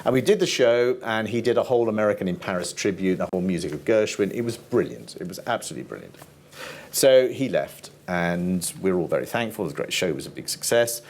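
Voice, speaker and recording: Deep-voiced older man telling stories. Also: lively intonation, fast talker, darkish tone. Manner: rambling, laughs often, quotes people in voices. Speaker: TV format producer, interview guest. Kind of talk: anecdotal storytelling on stage.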